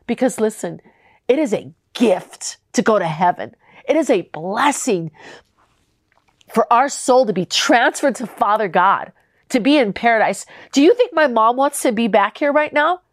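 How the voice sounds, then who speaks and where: A woman's voice: fairly high pitch, expressive, moderate pace, no echo. Tearful earnest woman, close dry sound. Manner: emotional, tearful and earnest, speaking straight to the listener. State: crying at times. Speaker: podcast host. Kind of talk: heartfelt faith podcast talk.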